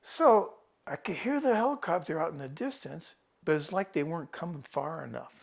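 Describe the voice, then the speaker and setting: A man's voice: on the high side, lively intonation, moderate pace, vocal fry. A man who was rescued after getting lost on a hike tells the story to a TV reporter in a rambling, casual way. He often restarts his sentences and quotes his own thoughts. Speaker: rescued hiker interviewed by a TV reporter. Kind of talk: casual first-person account.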